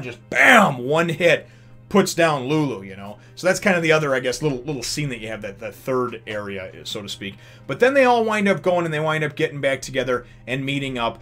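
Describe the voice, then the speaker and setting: A man's voice: medium pitch, expressive, a little fast, bright, forceful tone, soft background music. A man hosting a casual manga chapter review vlog who rambles with lots of fillers and laughs often. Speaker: host of a manga review channel.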